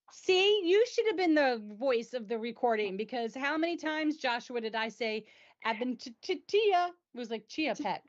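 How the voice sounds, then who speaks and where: A woman's voice: high voice, lively intonation, measured pace. A woman hosting a casual explainer chat, enthusiastic and chatty, sometimes tripping over medical terms. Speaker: host. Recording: dull lo-fi sound.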